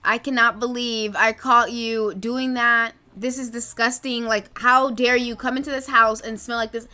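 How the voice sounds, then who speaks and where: Furious strict mom in a life-sim game, loud drawn-out scolding, bright voice, a woman doing the voice. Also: fairly high pitch, steady tone.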